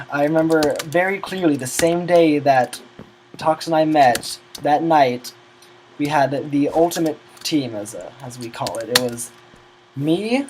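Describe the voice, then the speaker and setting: A man's voice: fairly high pitch, noisy background. A teenage boy telling a long, rambling story about gaming friends, often losing his train of thought. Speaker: gamer recounting a server's history.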